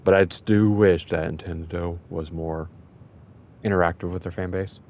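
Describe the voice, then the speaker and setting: A man with a lowish voice chatting about games in a rambling, excitable way, tripping over his words and laughing often. The recording is dull and lo-fi, as if from a cheap mic. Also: moderate pace, a little hiss or hum. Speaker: podcast co-host. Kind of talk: casual gaming chat.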